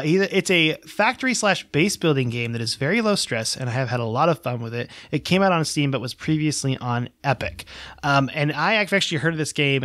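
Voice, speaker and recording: A man's voice: on the high side, a bit bright, no room sound. A man co-hosting a podcast in casual chat, rambling and self-deprecating as he reads listener emails. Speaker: podcast co-host.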